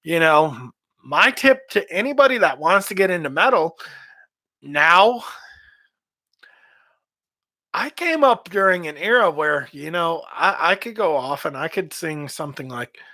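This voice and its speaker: A man's voice: a little high, expressive, unhurried, bright, forceful tone, dry recording. A man, a metal vocalist, giving rambling casual advice on singing, repeating himself as he goes. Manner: rambling, repeats words, demonstrates screams and growls.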